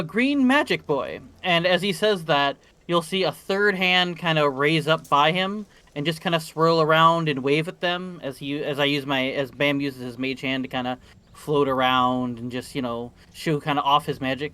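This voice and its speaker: A man's voice: a little high, fairly even intonation, moderate pace, pushed and bright, clean tone. A man playing a tabletop game, speaking in character and out, hesitant and stumbling over words. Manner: hesitant, full of ums and restarts. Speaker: player. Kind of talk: casual tabletop role-play.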